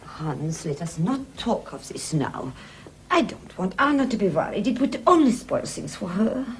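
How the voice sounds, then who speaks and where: An actress with a German accent playing a gentle, calming middle-aged immigrant mother. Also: medium pitch, moderate pace, a little hiss or hum. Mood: soothing. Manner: soft and calming.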